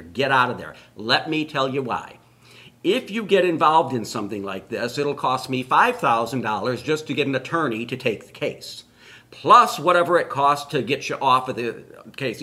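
A man's voice: mid-range voice, bright, forceful tone. Middle-aged guy ranting on a podcast, voice jumps up and down a lot, blunt. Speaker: podcast co-host. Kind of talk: political opinion chat.

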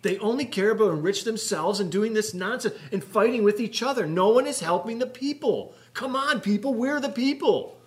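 A man's voice: high voice, animated, moderate pace, hardly any pauses. A man co-hosting a political talk show, exasperated and pleading. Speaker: show co-host. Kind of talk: political commentary chat.

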